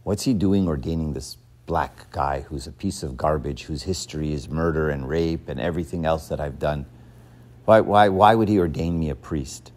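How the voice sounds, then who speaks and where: A man's voice: extremely low pitch, moderate pace, darkish tone, voice pushed down. A man speaking as a humble old male saint, in a plain, matter-of-fact retelling.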